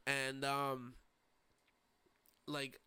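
Young new guy, bright crisp voice, dry room, storytelling host. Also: mid-range voice, completely flat delivery, very slow, dry recording. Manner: rambling, filler-heavy storytelling with quoted voices. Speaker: podcast host. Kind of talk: casual chat storytelling.

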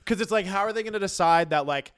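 A man co-hosting a podcast in casual chat, teasing his partner in quick bursts and swearing casually. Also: high voice, a bit bright, clear, resonant tone, no echo, studio quality. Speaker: podcast co-host.

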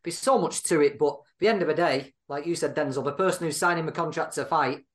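Wry high-voiced male pundit. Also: quick pace, a bit bright. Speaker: panel pundit. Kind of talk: casual panel discussion.

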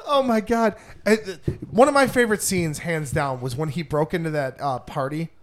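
A man co-hosting a casual movie podcast, animated and often laughing as he acts out scenes. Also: fairly high pitch, fairly quick. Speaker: podcast co-host. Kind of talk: casual chat.

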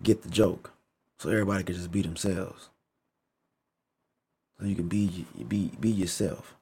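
A man with a low, dark voice and a husky edge talks straight to camera in a loose, unscripted rant. He swears freely, leans on slang and repeats phrases to hammer his points home. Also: steady tone, moderate pace. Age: adult. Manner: emphatic, repetitive, heavy swearing, slangy. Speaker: vlogger. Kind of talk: casual opinion rant.

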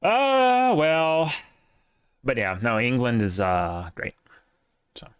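A man's voice: medium pitch, wildly swooping pitch, slow pace, clean tone, dry recording. A man co-hosting a casual podcast chat, opinionated and rambling, with plenty of fillers. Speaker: podcast co-host.

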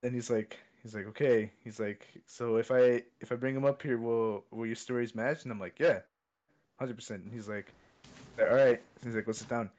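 A man's voice: medium pitch, steady tone, brisk, a little mellow. A young man telling a long story in casual chat, rambling and repeating himself. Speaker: podcast co-host. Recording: dull lo-fi sound.

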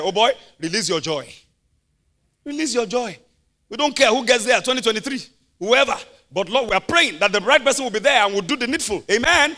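A Nigerian preacher with a very high, bright, forceful voice. He laughs freely through his sermon and bursts into loud shouts of praise. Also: animated, fairly quick. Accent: Nigerian English.

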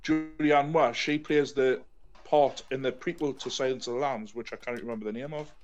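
A man's voice: mid-range voice, steady tone, normal speed, soft background music. Man, podcast co-host, rambling casual chat, laughs a lot. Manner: rambling, laughs a lot, loses track of names.

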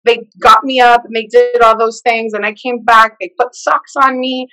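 A woman telling her personal faith testimony in an animated way, acting out the voices of the people in her story. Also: fairly high pitch, moderate pace, poor audio. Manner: expressive storyteller who acts out the quoted lines. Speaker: guest sharing her testimony.

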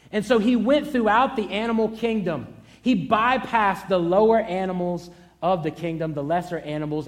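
High-voiced man preaching emphatically. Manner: emphatic, repetitive declarations. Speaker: pastor. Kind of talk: sermon.

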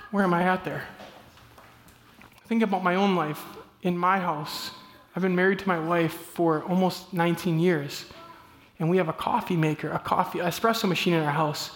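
A man, preaching a sermon in a conversational, animated storytelling way. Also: sits high, big-room sound, slight background noise. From Midwest US. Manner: conversational, animated, with frequent "like" fillers.

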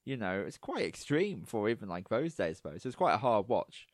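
Low-voiced man chatting casually. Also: a little fast, no room sound, clean studio sound. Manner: relaxed, rambling with many fillers. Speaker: podcast co-host. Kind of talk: casual chat.

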